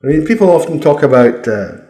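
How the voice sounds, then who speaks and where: Scottish male commentator, combative and swearing, lively pitch, roomy echo. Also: fairly quick. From Scotland. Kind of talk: opinion monologue.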